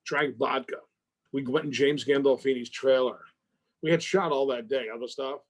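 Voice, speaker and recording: A middle-aged man, an actor being interviewed, who tells an animated story and acts out phone calls with swearing and loud outbursts. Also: mid-range voice, moderate pace.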